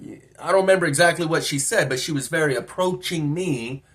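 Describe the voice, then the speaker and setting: Higher-voiced man telling a rambling story. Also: a little fast, few pauses, fairly bright tone. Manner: rambling, musing, questioning. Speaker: vlogger. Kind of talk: casual storytelling monologue.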